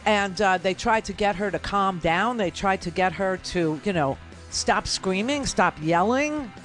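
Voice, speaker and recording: A woman's voice: medium pitch, expressive, unhurried, soft background music. A woman hosting a political radio talk show, delivering sarcastic, mocking commentary. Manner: sarcastic, mocking, quotes opponents in exaggerated voices.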